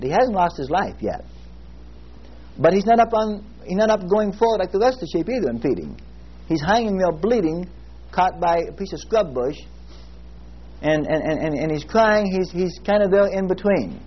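A male pastor preaching a sermon in a folksy storytelling way, slowing down to stress scripture word by word. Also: a little high, slightly rough. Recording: muffled lo-fi recording with faint hiss.

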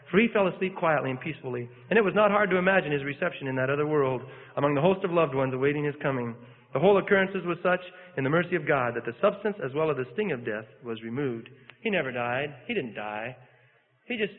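Fervent male preacher reading aloud, high-pitched, phone-quality recording in an echoing hall. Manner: fervent, rising and falling emphasis. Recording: phone-like sound in a reverberant hall.

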